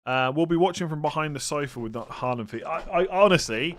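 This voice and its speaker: A man's voice: fairly high pitch, lively intonation, a little fast, a bit bright. Tired male streamer reading out and answering viewer questions, casual and meandering. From England. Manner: chatty, rambling, self-interrupting, tired and yawning.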